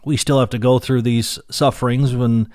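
A man's voice: mid-range voice, level tone, moderate pace, darkish tone, no room sound, studio quality. A man reading Bible verses aloud and explaining them in a plain teaching manner, with fillers and restarts, speaking while in pain. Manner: reads scripture then explains it, with restarts and fillers.

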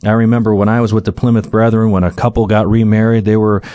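A man's voice: lowish voice, little pitch movement, fast, dark tone, no room sound. A middle-aged man preaching a sermon, working through Bible verses in an earnest, conversational way with many fillers and restarts.

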